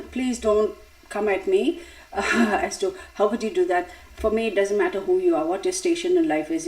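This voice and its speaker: A woman with a mid-range voice hosts a tarot live stream, chatting casually and directly with her viewers. She wanders off topic and laughs often, and the recording is low quality.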